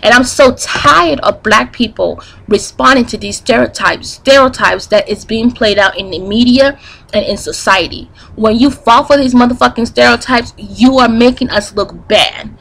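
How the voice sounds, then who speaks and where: A young woman ranting in a commentary vlog, angry and profane, with many asides and quotes read out slowly. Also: a little high, creaky, a bit bright, low-quality recording. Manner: reads quotes aloud slowly. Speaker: vlogger commenting on news.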